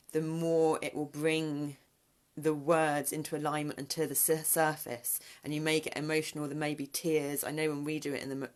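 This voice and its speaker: A British woman with a notably low, deep-set voice leads a spiritual guidance talk. She speaks gently and without hurry, pausing on soft ums and drawing out her repeated affirmations. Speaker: spiritual guide.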